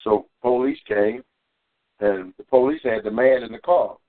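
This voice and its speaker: A man's voice: unhurried, no room sound. Fervent preacher man on a tinny phone line. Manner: fervent storytelling, climbing high for quoted shouts. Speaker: preacher on a community call. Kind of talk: sermon with personal testimony.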